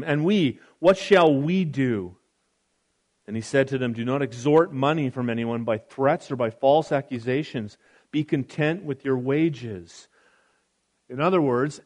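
A pastor preaching a conversational sermon, reading scripture aloud with casual asides. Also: male voice, mid-range voice, normal speed.

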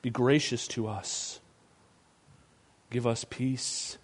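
A man pastor preaching a sermon, moving between hushed, tender passages and raised, emphatic ones. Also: medium pitch, steady tone, very slow.

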